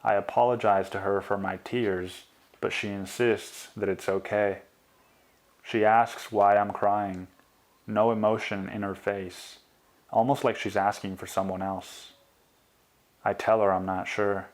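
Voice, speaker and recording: Male author-narrator, slightly low voice, quiet and confessional audiobook reading. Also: little pitch movement, unhurried.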